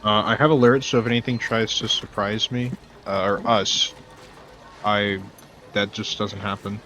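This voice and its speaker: A man playing a tabletop game, laying out his moves in a calm, matter-of-fact way. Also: fairly low pitch, measured pace, a little hiss or hum. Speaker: player.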